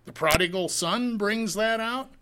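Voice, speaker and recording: A man's voice: high voice, a little slow, sharp tone. A man preaching a sermon, teaching a Bible passage verse by verse, reading the scripture in old-fashioned wording and asking rhetorical questions. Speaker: pastor.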